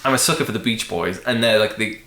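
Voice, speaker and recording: A man's voice: lowish voice, fast, bright, forceful tone. A young man hosting a casual music podcast, thinking aloud with frequent restarts and fillers. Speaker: podcast host. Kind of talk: casual chat. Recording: roomy echo.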